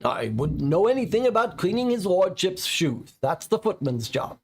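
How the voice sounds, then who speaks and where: A prim, haughty older butler in a tabletop game, coldly polite and quick to take offence, as a man puts him on. The voice sits a little high, with a gravelly edge. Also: very animated, darkish tone. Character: stiff, haughty older male English butler.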